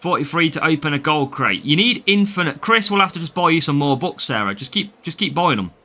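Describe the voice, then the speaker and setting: Chatty English streamer, slightly higher voice, reads chat and greets viewers. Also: male voice, animated, fairly quick, bright, forceful tone. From England. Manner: chatty, greets viewers by name, laughs often. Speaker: game streamer. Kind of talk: live gameplay stream, reading chat.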